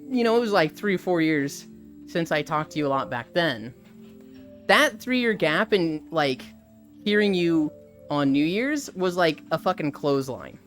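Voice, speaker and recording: Woman streamer host, lower voice, very expressive melody, swears casually. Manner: animated, swears freely, reads chat aloud. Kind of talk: casual live-stream chat.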